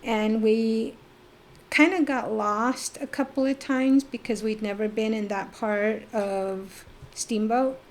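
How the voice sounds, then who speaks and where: Animated storytelling woman, a bit high. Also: slow. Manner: animated storyteller who acts out remembered voices. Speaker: podcast guest. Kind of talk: personal storytelling in a casual interview.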